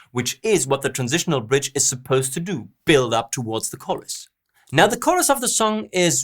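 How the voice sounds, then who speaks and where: In this song analysis lesson, the host and songwriting teacher works through the lyrics and chords, vocalizing the rhythms and stresses as he goes. He speaks on the high side with a fairly bright tone.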